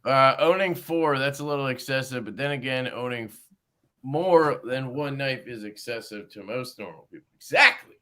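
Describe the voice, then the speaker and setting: A man's voice: medium pitch, normal speed, fairly bright tone. A man hosting a livestream in casual chat, rambling and jokey, with some swearing. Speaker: livestream host.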